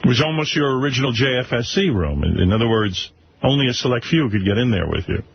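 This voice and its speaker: A man's voice: mid-range voice, animated, fast talker, vocal fry. A man hosting a radio talk show, bantering wryly with callers and co-hosts. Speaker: radio host. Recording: muffled radio broadcast with faint hiss.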